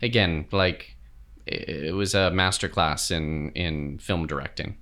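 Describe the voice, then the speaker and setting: Middle-aged man, director guest, low voice, measured and reflective, frequent ums. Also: fairly bright tone. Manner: reflective, measured, with many fillers. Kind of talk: podcast interview answers.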